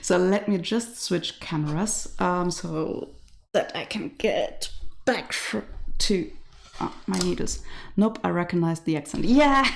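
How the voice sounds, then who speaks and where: A woman's voice: medium pitch, extremely slow, gravelly, pauses often. A woman from Germany with a German accent, hosting a casual knitting live stream from her home and chatting with viewers, laughing often. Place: home in rural west Ireland.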